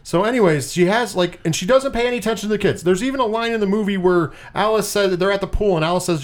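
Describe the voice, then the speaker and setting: A man's voice: high-pitched, fast talker, hardly any pauses. A man casually reviewing a film on a podcast, ranting with a lot of swearing and acting out characters' lines in mocking voices. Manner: animated, profane ranting with mocking quoted voices.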